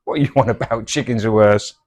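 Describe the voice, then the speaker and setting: A middle-aged man, trading scripted comic banter in a mock-earnest, deadpan, sweary way. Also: lowish voice, brisk. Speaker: comedy double act host.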